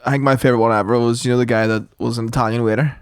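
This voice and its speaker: A man co-hosting a podcast in a relaxed, agreeable way. His voice sits in the middle of his range. The recording is close and dry. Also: mid-range voice, rapid-fire, smooth, no echo. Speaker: podcast co-host. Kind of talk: casual chat.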